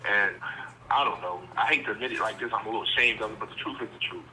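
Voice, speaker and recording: In a candid interview by phone from prison, a Virginia man in his forties speaks earnestly and plainly, drifting into some rambling. His voice sits on the low side, pushed and bright, at a quick pace, with slight background noise and poor audio.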